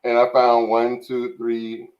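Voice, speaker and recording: A man hosting a casual chat show who introduces clips in a measured, deliberate way. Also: mid-range voice, completely flat delivery, muffled recording.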